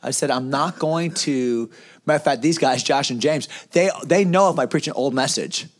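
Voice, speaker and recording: A pastor in a round-table discussion on preaching, talking in an animated way with rhetorical questions and frequent restarts. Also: male voice, mid-range voice, moderate pace.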